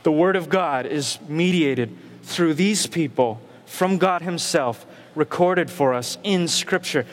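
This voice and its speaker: High-voiced man preaching emphatically. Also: slow, long reverb tail. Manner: emphatic, rhetorical questions and repetition. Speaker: pastor. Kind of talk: sermon. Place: church sanctuary.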